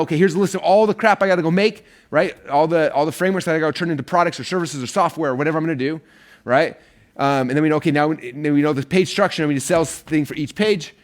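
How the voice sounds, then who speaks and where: A man teaching an online marketing course in a casual, energetic way, rambling a bit and using many fillers. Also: on the high side.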